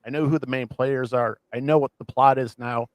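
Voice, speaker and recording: A man co-hosting a casual podcast, rambling with many restarts as he excitedly retells scenes. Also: mid-range voice, brisk, dry recording. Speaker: podcast co-host. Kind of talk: casual chat.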